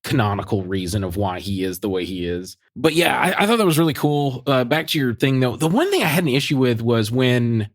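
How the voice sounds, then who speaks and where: A man co-hosting a podcast, chatting casually about a TV episode, relaxed and quick to laugh, hedging with "like.". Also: medium pitch, no room sound, clean studio sound. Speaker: podcast co-host. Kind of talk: casual chat reviewing a TV episode.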